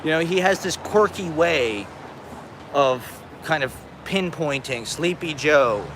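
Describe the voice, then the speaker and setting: A man's voice: a little high, expressive, takes it slowly. Give me a rambling, profane man streaming outdoors. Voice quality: profane, rambling, laughs often. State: stoned. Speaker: live streamer. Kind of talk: casual rambling live-stream monologue. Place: outdoors on a city street. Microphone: phone on a selfie stick. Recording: busy street traffic noise. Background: city traffic.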